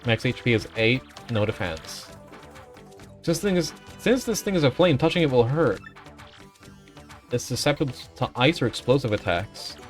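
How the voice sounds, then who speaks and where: A man's voice: medium pitch, expressive, normal speed, long pauses, faint music behind. A man streaming a video game, chatting casually and reading game text aloud with offhand jokes. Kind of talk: casual gameplay commentary.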